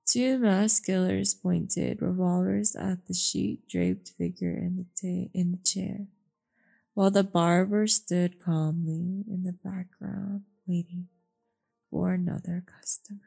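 Slow gravelly woman reading aloud. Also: lowish voice, fairly even intonation. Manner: slow, wry, pauses to comment. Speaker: reader. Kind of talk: casual book reading. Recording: soft background music.

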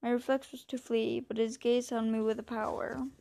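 A woman reading a novel aloud in a steady, measured way, now and then stumbling over a word. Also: a little high, creaky. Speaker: reader.

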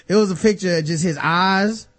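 A man co-hosting a casual podcast chat, animated and profane, acting out the people he quotes. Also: high voice, a little slow, very noisy. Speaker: podcast co-host.

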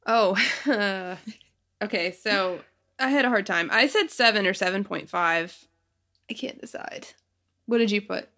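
Woman, thirties, podcast co-host, easygoing and agreeable, quick to laugh. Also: mid-range voice, sharp tone. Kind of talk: casual chat.

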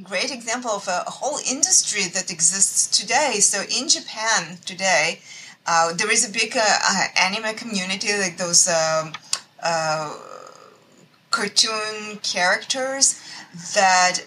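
A woman professor explains her research as a guest, pausing often with fillers as she thinks. Her tone is bright and forward. A faint noise sits underneath. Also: mid-range voice, poor audio.

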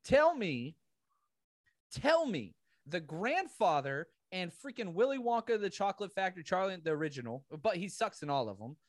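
A man from the Southern United States co-hosting a podcast in casual chat, ranting with animated laughs. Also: sits high, moderate pace, no echo, studio quality. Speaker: podcast co-host.

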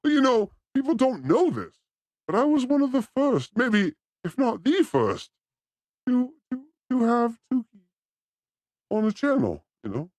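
A man's voice: unhurried, dry recording. A man hosting a show, delivering a rambling, joking comedic monologue. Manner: animated, joking, pitch swooping up and down. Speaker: host.

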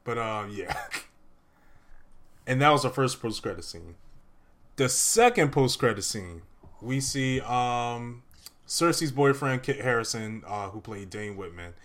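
A man's voice: medium pitch, expressive, takes it slowly, pauses often, a bit bright. Rambling young man recapping a movie. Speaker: movie reviewer. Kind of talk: casual movie review chat.

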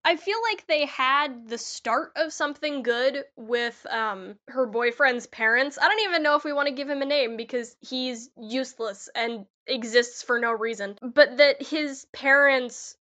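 Bright high-voiced woman, lo-fi sound. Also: measured pace, hardly any pauses. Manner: candid, ranting, laughs often. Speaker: podcast co-host. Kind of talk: casual chat.

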